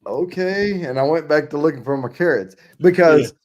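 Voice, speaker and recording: A man's voice: fairly high pitch, fairly quick, muffled recording. A middle-aged man hosting a casual beer chat, telling stories and swearing freely. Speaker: host. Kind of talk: casual chat over beers.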